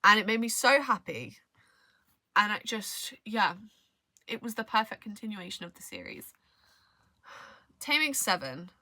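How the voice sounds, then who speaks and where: A woman's voice: mid-range voice, sing-song, measured pace, long pauses, pushed and bright. A young woman vlogging about books in casual chat, rambling, often trailing off and restarting her sentences. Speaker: book vlogger. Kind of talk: casual book review chat.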